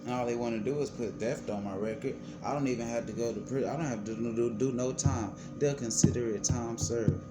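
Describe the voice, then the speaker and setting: A man vlogging, telling his own story in a heated, emphatic and profane way, his pitch swinging widely as he talks. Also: fairly quick, hardly any pauses, over loud music. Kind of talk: casual storytelling to camera. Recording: clear background noise.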